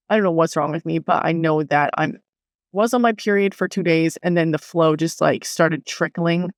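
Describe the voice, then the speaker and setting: A young woman telling a personal story to her vlog audience in a casual, animated way, swearing freely and acting out what others said. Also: medium pitch, dry recording, clean studio sound. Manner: animated, swears freely, acts out quoted voices. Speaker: vlogger.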